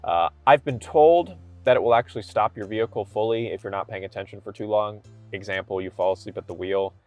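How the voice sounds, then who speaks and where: A man's voice: on the low side, no room sound. Upbeat man reviewing a car. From Kentucky. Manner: upbeat, enthusiastic, conversational. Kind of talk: casual walkaround car review. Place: inside a car cabin.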